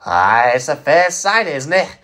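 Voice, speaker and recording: A man voicing a relaxed, teasing male steam engine in a fan story reading. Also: medium pitch, normal speed, slightly rough, exaggerated voice. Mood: easygoing. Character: easygoing sleepy Scottish steam engine, male.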